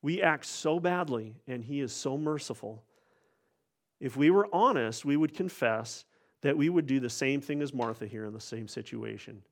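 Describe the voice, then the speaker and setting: A man's voice: medium pitch, expressive, normal speed. A man preaching a sermon in an earnest way, often restarting and repeating words as he goes.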